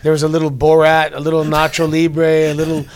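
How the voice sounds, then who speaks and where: Guest interview voice: man in his forties, from Canada, a bit high-pitched, rambling anecdotes. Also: monotone, brisk, a little hiss or hum. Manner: chatty storyteller with many restarts. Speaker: guest, former wrestler. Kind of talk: casual interview chat. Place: wrestling convention in New York.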